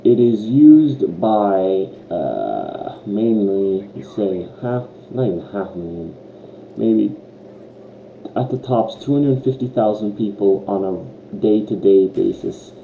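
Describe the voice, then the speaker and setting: A teenage boy from Ireland, a student vlogger, rambles to camera in a casual rant full of ums and short laughs. His male voice is fairly low, mellow and animated with vocal fry, taking things slowly. The lo-fi recording has an echoey room and faint hiss.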